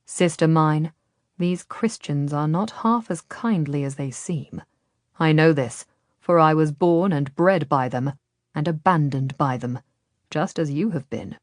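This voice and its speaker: A woman voicing a smooth, persuasive Ottoman nobleman who speaks quietly and gently in an audiobook. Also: low voice, unhurried, no room sound, studio quality. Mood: coaxing, ominous.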